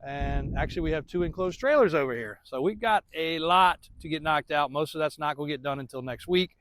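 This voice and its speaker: A man's voice: fairly high pitch, fairly quick, a bit bright, a little hiss or hum. A man in his thirties, a truck shop owner, rambling through a casual walkaround update of his lot, laughing often.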